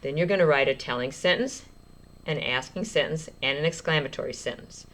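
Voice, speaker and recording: Lady teacher talking to little kids, low voice, slow and clear, encouraging. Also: fairly bright tone. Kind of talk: children's writing lesson.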